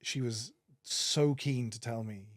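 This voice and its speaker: A man with a Welsh accent, a podcast guest telling stories in an earnest, animated way with many restarts. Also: medium pitch, slow pace, no room sound, clean studio sound. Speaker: podcast guest, managing director. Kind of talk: casual interview storytelling.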